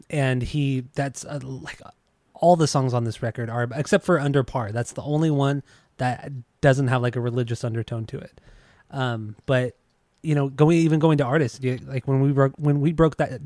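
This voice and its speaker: A man's voice: mid-range voice, a little mellow, dry recording, clean studio sound. A man co-hosting a podcast, chatting casually about music in a laid-back, teasing way. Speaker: podcast co-host.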